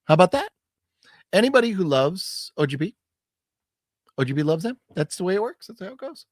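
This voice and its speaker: A man's voice: sits high, big pitch swings, fairly quick, no echo, studio quality. A man hosting a casual podcast stream, tipsy from drinking, rambling and joking as he reads out viewer comments. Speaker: podcast host. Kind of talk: casual livestream chat.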